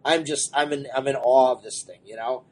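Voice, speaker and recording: A man co-hosting a casual comics podcast, rambling and excitable, running a comic shop and apologizing for talking too much. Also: medium pitch, brisk. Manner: rambling, excitable, self-deprecating.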